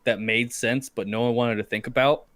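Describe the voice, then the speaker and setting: A man's voice: mid-range voice, steady tone, moderate pace, a bit bright, no room sound. A young man hosting a podcast, telling crude, profane stories with lots of laughter in casual chat. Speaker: podcast host.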